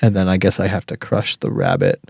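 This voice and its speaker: A man's voice: sits low, sing-song, brisk, vocal fry, a little mellow, slightly rough, dry recording, studio quality. A man co-hosting a car podcast, chatting in a wry, joking manner. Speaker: podcast co-host. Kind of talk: casual chat.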